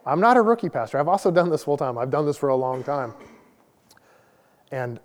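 A man's voice: a little high, big pitch swings, brisk. A man in his forties, a lay pastor, giving a conversational sermon with a casual, self-deprecating personal story. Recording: long hall reverb.

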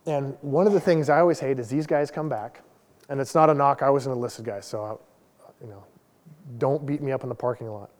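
A man's voice: medium pitch, a little fast, darkish tone. A man in his forties, a lay pastor, giving a conversational sermon with a casual, self-deprecating personal story. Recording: long hall reverb.

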